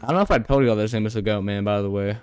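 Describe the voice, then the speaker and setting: A man's voice: lowish voice, noisy background. Slangy young man playing a horror game. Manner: slangy, chatty, talks to the game's creatures; yelps and rushes when scared. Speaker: gaming YouTuber. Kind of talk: casual let's-play commentary.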